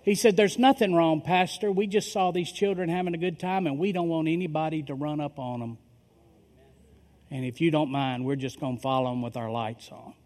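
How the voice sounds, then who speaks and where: A man's voice: on the high side, steady tone, a little fast, darkish tone. A middle-aged male pastor telling a story in a sermon, acting out the dialogue of the people in it. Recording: long reverb of a large hall.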